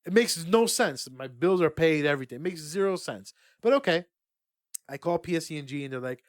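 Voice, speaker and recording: A young man co-hosting a podcast, telling stories in an excitable, swearing, casual way. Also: a little high, normal speed, dry recording, studio quality. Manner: excitable, swears a lot, laughs through punchlines. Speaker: podcast co-host. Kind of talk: casual chat, animated storytelling.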